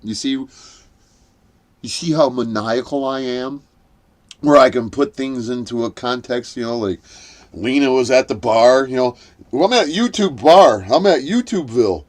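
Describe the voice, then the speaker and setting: A man's voice: mid-range voice, moderate pace. A man hosting a commentary stream who rants with sarcasm and swearing and acts out scenes. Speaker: host. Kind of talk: profane drama commentary rant.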